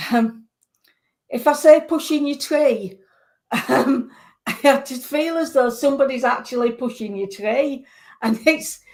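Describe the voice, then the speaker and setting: Earnest clairvoyant woman with a higher voice. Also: darkish tone. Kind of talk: giving psychic readings on radio.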